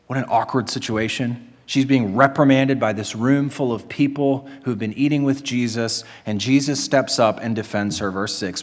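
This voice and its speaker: A man's voice: mid-range voice, moderate pace, hardly any pauses. A man preaching a sermon in an earnest, emphatic way, asking rhetorical questions and answering them. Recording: long hall reverb.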